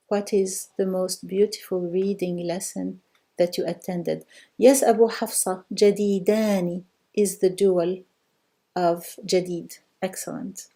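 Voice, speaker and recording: A middle-aged woman leads a live online language class. Her voice is mellow and dark-toned, with a pitch that sits in the middle. She repeats each question slowly and patiently and rewards students with steady praise. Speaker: language teacher.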